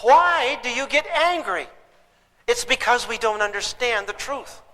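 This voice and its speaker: A man's voice: very high-pitched, lively intonation, unhurried, bright, forceful tone, long reverb tail, low-quality recording. A man teaching a parenting class to a live audience, emphatic and throwing questions at them.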